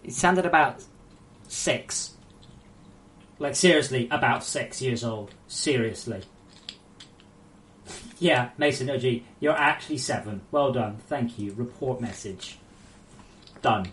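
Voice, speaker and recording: A woman's voice: a bass voice, expressive, a little hiss or hum. A woman game developer on a casual live stream, reading viewer messages aloud and ranting with lots of swearing. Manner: profane, ranting, quick to anger.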